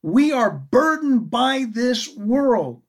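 A woman preaches slowly and deliberately, her voice a little husky. Her pitch rises and falls with feeling as she asks her listeners questions and leans on key words. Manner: earnest, expressive, asks the audience questions. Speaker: Bible teacher. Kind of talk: sermon teaching.

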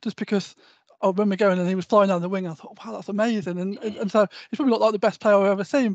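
A woman's voice: mid-range voice, a little mellow, dry recording, highs cut off. A woman hosting a casual fan chat, chatty, often repeating words and laughing. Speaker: podcast host.

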